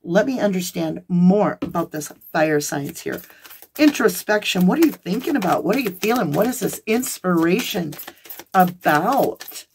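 A woman with a fairly low voice reads tarot cards for her viewers. She is excitable and gushing and talks straight to them as each card turns up. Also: normal speed, a little hiss or hum. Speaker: tarot reader.

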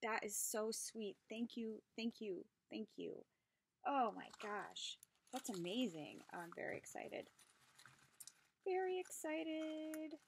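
A woman hosting a craft vlog, unboxing handmade gifts and gushing over each one with gasps and soft whispered asides. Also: a little high, animated, takes it slowly, slight background noise. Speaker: craft channel host. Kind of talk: unboxing craft mail, casual chat.

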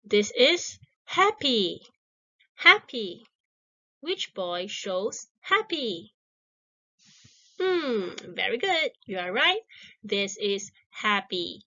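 A woman's voice: mid-range voice, big pitch swings, sharp tone, muffled recording. A woman teaching a simple English lesson to young children, repeating each word and praising the answers. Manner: encouraging, drawn-out words repeated twice.

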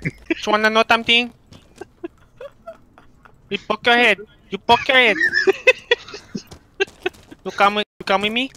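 Guy doing a fake spanish-accent tough guy, kinda high voice, picking fights in broken english, noisy mic hiss. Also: fairly even intonation, a little slow, pauses often, pushed and bright, full character voice. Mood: menacing. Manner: threatening broken English, short jabs. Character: hot-headed macho man, put-on Spanish accent. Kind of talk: drunk gaming banter.

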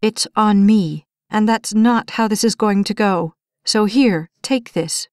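A woman's voice: mid-range voice, measured pace, dry recording, clean studio sound, close to an everyday voice. A woman reading an audiobook, voicing a tired young woman who answers her pushy date firmly and sharply. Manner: firm and sharp, rising when pushed.

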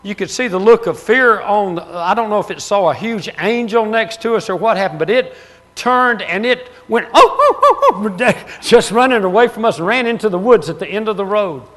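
Pastor guy preaching, tells stories, laughs, bursts out loud, kinda high voice. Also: brisk, hardly any pauses. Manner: storytelling, laughs at his own stories, rises to loud exclamations. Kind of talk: sermon.

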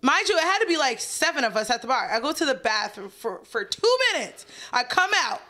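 Woman, podcast co-host, casual storytelling, animated, swears a lot, bright tone. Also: high voice, a little fast. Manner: animated, acts out quotes, swears freely.

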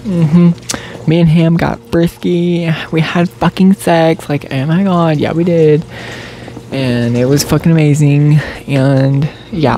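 A man's voice: fairly high pitch, warm tone, a little hiss or hum. A man delivering a comedic parody monologue in an exaggerated, affected put-on voice, swearing constantly.

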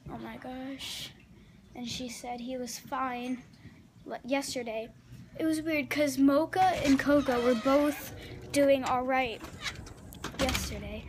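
A woman's voice: sits high, slight background noise. A woman vlogging casually while walking around her house, chatting in a rambling way with lots of fillers and restarts. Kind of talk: casual vlog chat.

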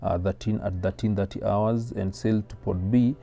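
Methodical Kenyan man with a dark voice. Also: fairly low pitch, steady tone, gravelly, faint music behind. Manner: methodical, explains slowly with many "uh" pauses. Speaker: maths tutor. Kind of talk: step-by-step exam tutorial.

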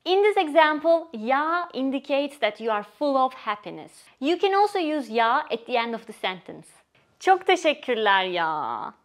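Woman, high-pitched, teacher, scripted lesson, expressive, acts out phrases. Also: normal speed, hardly any pauses. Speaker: Turkish teacher.

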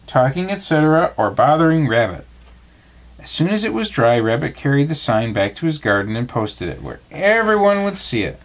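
A man reads a bedtime storybook aloud to his child in an expressive storytelling voice. His pitch moves in lively swings, rising and falling through each sentence. The reading is warm-paced and animated.

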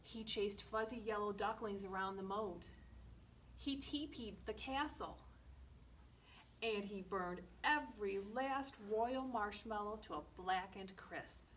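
A woman librarian reading a picture book aloud at a children's storytime, slow and expressive with playful asides. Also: medium pitch. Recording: distant mic with faint room noise.

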